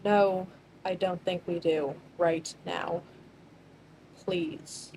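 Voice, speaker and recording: A woman's voice: lowish voice, steady tone, very slow, noisy background. A woman playing evasive, pleading Cyrus.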